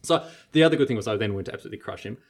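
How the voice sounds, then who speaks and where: Podcast host, fast, expressive storyteller. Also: male voice, gravelly, breathy edge. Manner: animated storyteller, acts out quotes with big pitch jumps. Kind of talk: casual podcast chat.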